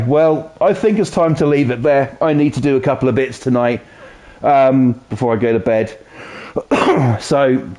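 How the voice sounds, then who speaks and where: A mellow-voiced man with a Norfolk accent chats casually to his stream audience. He rambles through a story with lots of swearing and loose asides. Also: mid-range voice. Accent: Norfolk English. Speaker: game streamer. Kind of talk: casual live-stream chat.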